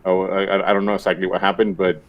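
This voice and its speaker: A man's voice: low voice, monotone, racing, dull audio. A man from Argentina, living abroad for two decades, chatting casually in a rambling way with many fillers. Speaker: guest. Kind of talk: casual chat.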